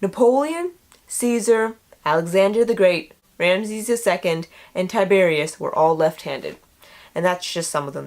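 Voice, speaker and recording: Chatty young woman vlogging. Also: fairly low pitch. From United States. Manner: chatty, animated, playful asides. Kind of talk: casual vlog chat.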